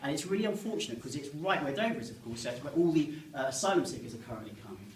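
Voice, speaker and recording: Performing live stand-up in a comedy room full of people, this man from Kent's Medway Towns in England mocks himself and banters with the crowd. His medium-pitched voice is animated and racing, captured by a far-off mic with roomy sound and a little hiss or hum.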